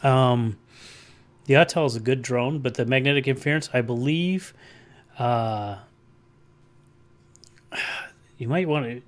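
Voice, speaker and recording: A man's voice: mid-range voice, a little slow, pauses often. A man hosting a casual livestream, chatting in a rambling way and answering viewer comments aloud. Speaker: livestream host.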